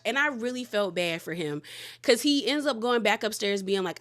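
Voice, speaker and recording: A woman recapping a reality TV episode in casual, animated storytelling, acting out the quotes as she goes. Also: fairly high pitch, normal speed.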